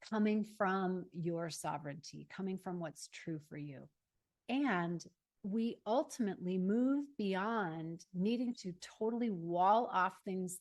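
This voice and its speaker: A woman coach giving a calm, guided self-help talk, slowing down and pausing as she leads listeners through an exercise. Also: mid-range voice. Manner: calm, slow guiding pauses.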